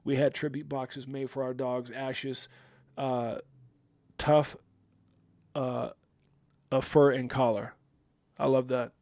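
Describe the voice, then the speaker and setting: A man in mourning hosts a casual livestream, speaking at a middling pitch. He talks haltingly, with many fillers and restarts, and reads viewer comments aloud between his own thoughts. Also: little pitch movement, darkish tone. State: grieving. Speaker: livestream host.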